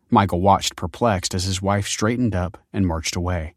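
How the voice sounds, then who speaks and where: A man narrating a story in an expressive audiobook style. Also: deep voice, moderate pace, no room sound, clean studio sound.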